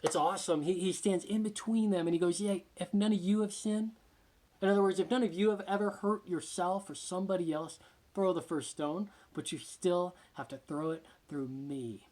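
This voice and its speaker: A man preaching a sermon with passion, often sinking to a hushed near-whisper for emphasis and repeating words as he gathers his thoughts. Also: high-pitched, fairly even intonation, normal speed. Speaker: pastor.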